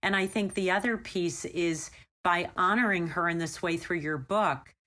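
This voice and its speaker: Woman host, lower voice, attentive and reflective interviewer. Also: moderate pace. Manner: warm listener, frequent murmured agreement. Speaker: podcast host. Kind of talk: interview conversation.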